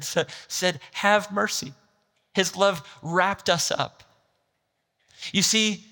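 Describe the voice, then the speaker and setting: A man's voice: on the high side, pushed and bright, long reverb tail. A man preaching a sermon, retelling a film scene and building to an impassioned, rising climax. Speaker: pastor.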